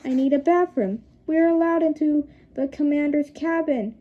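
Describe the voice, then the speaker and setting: A woman voicing a weary mother speaking quietly and slowly in a storybook reading. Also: sits high, close to an everyday voice. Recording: dull lo-fi recording.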